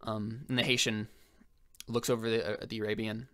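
A young man running a tabletop game as game master, telling the scene in a casual, halting way full of fillers. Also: fairly low pitch, flat delivery, a bit bright. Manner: halting, filler-heavy storytelling.

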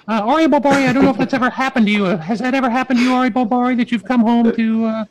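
High-voiced rambling comic man host. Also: fairly even intonation, rapid-fire, rough recording. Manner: chatty, self-mocking, stumbling. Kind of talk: rambling comic talk-show hosting.

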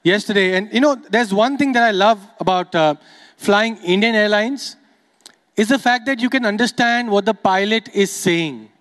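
High-voiced chatty stand-up comedian. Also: male voice, fairly bright tone. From Dubai. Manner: quick, chatty, playful crowd work.

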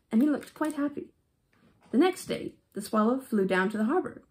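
A woman reading a fairy tale aloud for children with an affected English-style accent, expressive and pausing for short explanatory asides. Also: a little high. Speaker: storybook reader.

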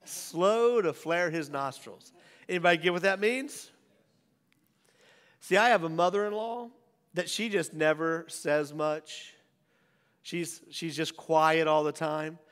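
A male pastor preaching a sermon, swinging from raised declarations to hushed near-whispers. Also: a little high, fairly even intonation, a little slow, pauses often, clean tone. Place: church sanctuary. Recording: church hall reverb.

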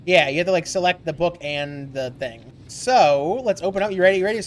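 A young man hosting a gaming channel, chatting and swearing freely through a casual let's-play with sudden excited yelps. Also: high-pitched, brisk.

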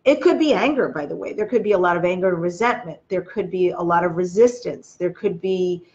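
A woman's voice: on the low side, brisk, darkish tone, lo-fi sound. A woman hosting a spiritual self-help video, talking earnestly to her viewers and coaching them through their feelings. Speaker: host. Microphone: webcam or phone video.

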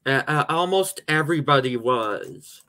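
A man's voice: medium pitch, lively intonation, measured pace, pushed and bright. A man hosting a casual stream chat, replying tersely and agreeing a lot. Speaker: stream host.

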